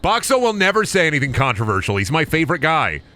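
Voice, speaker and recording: A man's voice: fairly high pitch, very animated, fast, sharp tone, slight background noise. A young man streaming a game, chattering goofily and crudely to his chat. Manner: goofy, crude, talks to chat. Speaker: gaming streamer. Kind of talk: casual game commentary.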